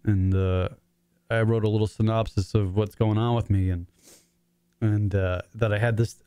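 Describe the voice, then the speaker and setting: A man's voice: on the low side, darkish tone, clean tone, no room sound, clean studio sound. Emotional, profane man in his forties. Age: 40s. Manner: rambling, profane, choked up near tears. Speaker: podcast host. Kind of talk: emotional casual monologue. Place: his own apartment.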